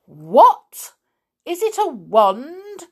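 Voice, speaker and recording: A woman voicing a stern, bad-tempered male schoolmaster in a storybook reading, blustering and shouting indignantly. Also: on the low side, very animated, takes it slowly, heavily acted. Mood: astonished.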